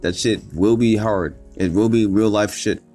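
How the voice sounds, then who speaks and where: Deep-voiced man giving a fired-up pep talk. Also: moderate pace, a little mellow, faint music behind. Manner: emphatic, repetitive and profane, with many restarts. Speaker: podcast host. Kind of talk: solo motivational podcast talk.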